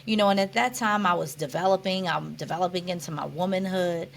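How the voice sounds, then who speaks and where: A woman's voice: fairly low pitch, brisk, gravelly. A woman guest in an interview, talking earnestly and reflectively, often restarting her sentences. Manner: earnest, reflective, with many restarts and "you know". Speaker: podcast guest. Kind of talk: conversational interview.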